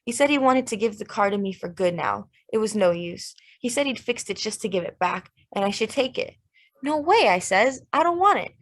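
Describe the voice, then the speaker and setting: A woman narrating a literary audiobook in a steady, measured, plain way. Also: mid-range voice.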